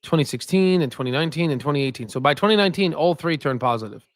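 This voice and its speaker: Rapid-fire and animated, a man with a voice on the high side hosts a stock market livestream in studio quality with no room sound. He rambles casually about viewer comments, tacking "right?" onto his points again and again as a filler.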